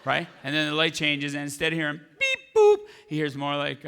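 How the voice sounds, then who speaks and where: A man doing stand-up comedy on a large theater stage, talking in an animated way and jumping into high squealing impressions, with audience laughter behind him. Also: fairly quick, gravelly, few pauses, clean tone.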